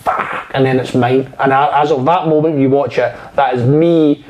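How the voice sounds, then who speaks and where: A man, an actor guest telling lively, swear-filled stories in a casual interview. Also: mid-range voice, normal speed, lo-fi sound, slight background noise. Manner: animated storyteller, swears freely.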